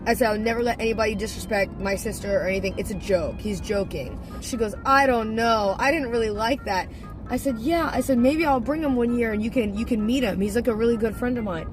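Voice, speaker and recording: Young woman streamer, lively and loose with swearing, a little high-voiced, soft music underneath. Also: fast talker, few pauses. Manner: animated, laughs often, swears freely. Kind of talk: casual storytelling to stream viewers.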